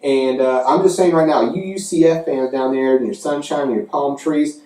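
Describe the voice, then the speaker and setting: A man's voice: mid-range voice, normal speed, dark tone, roomy sound, distant mic, natural voice. A man voicing a folksy Southern good-ol'-boy who lectures rival fans in a put-on drawl. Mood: mocking lecture.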